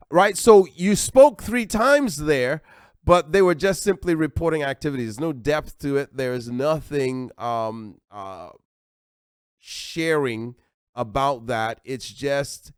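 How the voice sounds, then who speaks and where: American pastor, male, animated sermon delivery, smooth and clear, dry close sound. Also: fairly high pitch, measured pace, dry recording. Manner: animated, acts out little dialogues.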